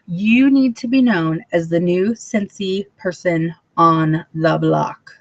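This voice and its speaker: A woman's voice: fairly low pitch, slow. A woman giving a casual training talk to fellow sales consultants, bubbly and chatty, with lots of ums. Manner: bubbly and chatty, with filler ums and sudden playful voices. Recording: dull lo-fi recording.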